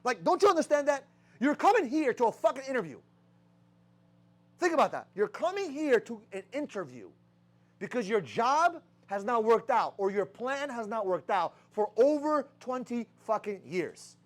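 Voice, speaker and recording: Young male sales leader, high voice, brash and profane, fires off rhetorical questions at his team. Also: big pitch swings, normal speed. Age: young adult. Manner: rhetorical questions, heavy swearing. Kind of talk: profane motivational sales talk.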